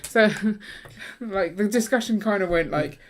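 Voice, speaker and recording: A woman's voice: medium pitch, measured pace. A woman casually chatting and telling stories while building Lego on a livestream. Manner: chatty, storytelling, laughs easily.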